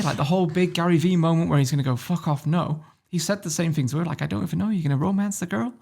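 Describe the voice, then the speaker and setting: A quick-talking man from northern England with a gravelly, creaky voice. He tells a story as a podcast guest, loose and animated, swearing freely as he goes. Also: on the high side. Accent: northern English. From Warrington, England. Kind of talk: casual interview storytelling.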